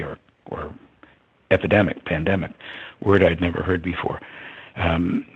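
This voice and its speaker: An older man with a husky voice, reflectively telling a story as an interview guest. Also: low-pitched, fairly even intonation, normal speed, long pauses. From United States. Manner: reflective, with many ums and soft laughs. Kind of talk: storytelling in conversation. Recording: dull lo-fi sound.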